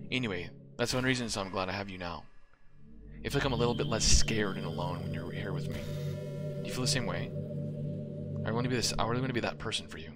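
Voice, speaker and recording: Guy reading as a clingy lovesick teen girl, low voice, loud music under it. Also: close to an everyday voice. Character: lovesick teenage girl, clingy club president. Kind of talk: reading game dialogue aloud.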